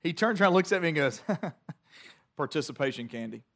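A middle-aged man preaching a sermon, telling a family story before the scripture reading, in a chatty, self-deprecating, animated way. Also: high voice, normal speed, background noise. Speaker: pastor.

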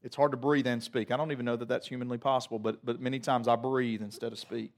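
A man preaching a sermon to a congregation, moving from quiet reflective passages to loud emphatic peaks, with humorous asides. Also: mid-range voice, level tone, quick pace. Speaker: pastor.

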